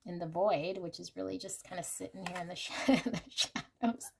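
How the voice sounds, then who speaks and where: A woman's voice: fairly low pitch, moderate pace, vocal fry, slight background noise. Chatty woman giving a tarot reading. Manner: chatty and unscripted, often hedging with "I feel like"; warm and reassuring, addressing the viewer directly. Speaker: tarot reader. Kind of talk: casual pick-a-card tarot reading.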